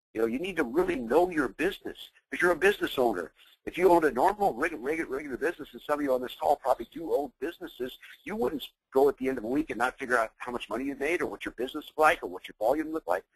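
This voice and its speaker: A man's voice: medium pitch, slightly rough, no room sound, rough recording. A man leading a motivational business training call, intense and emphatic, firing rhetorical questions at his listeners. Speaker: business coach.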